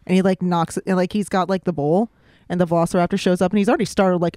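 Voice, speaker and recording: A woman in her forties chatting casually on a podcast, animated and profane, laughing often. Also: on the low side, quick pace, no room sound, clean studio sound. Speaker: podcast co-host.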